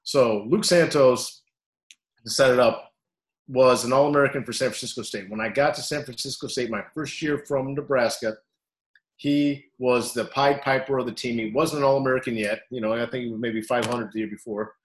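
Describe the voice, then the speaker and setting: Animated wrestling coach in a roomy echo. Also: male voice, medium pitch, fairly quick. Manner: animated storyteller, acts out quotes loudly. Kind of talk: storytelling interview.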